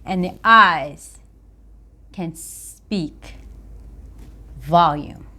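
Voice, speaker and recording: Slow, deliberate woman coach. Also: lowish voice, sharp tone. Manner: slow, deliberate, emphatic phrasing. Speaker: accountability coach. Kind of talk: motivational talk to camera.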